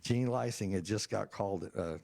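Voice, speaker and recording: Gravelly older man telling folksy stories. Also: fairly low pitch, moderate pace, darkish tone, dry recording. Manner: folksy anecdotes acting out quoted dialogue. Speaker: state representative, guest. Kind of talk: storytelling interview answer.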